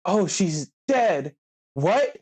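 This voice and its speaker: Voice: mid-range voice, very slow, breathy edge. A podcast co-host casually recapping a movie, acting out the characters' lines. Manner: animated storytelling, acts out characters' lines.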